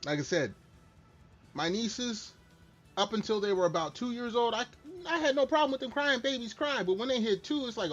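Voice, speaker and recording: The voice is extremely high-pitched, animated and a bit bright, moving at a moderate pace. It belongs to a middle-aged man casually chatting through a game stream, candid, self-deprecating and prone to rambling, heard over a lo-fi, slightly dull mic with faint music.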